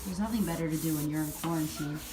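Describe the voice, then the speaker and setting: In a casual DIY vlog, a home renovation vlogger fixes up and paints a front door while talking to the camera. She's upbeat and chatty, with a deep voice and a quick pace.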